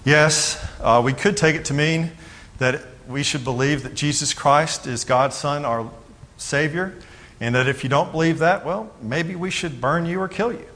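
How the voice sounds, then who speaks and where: A man giving a sermon as pastor, talking in a loose, conversational way with jokes and quick acted-out voices of other people. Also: fairly high pitch, a bit bright.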